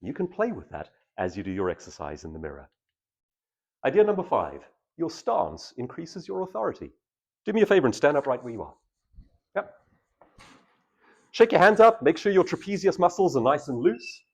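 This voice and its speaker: A man's voice: a little high, sing-song, normal speed, pauses often, darkish tone, breathy edge. A man, a public speaking trainer, giving a live workshop talk to an audience and shifting between intense and casual delivery.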